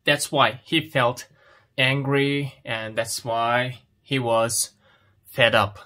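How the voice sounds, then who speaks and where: A man teaching English, reading a picture story aloud and explaining it slowly, asking questions and then answering them himself. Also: medium pitch, little pitch movement, pushed and bright.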